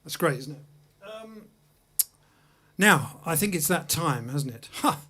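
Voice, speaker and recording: A man's voice: on the high side, animated, takes it slowly, sharp tone, breathy edge. A man from England hosting a music livestream, chatting casually between songs in a studio with self-deprecating, anecdotal humor. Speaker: host and jazz pianist-singer.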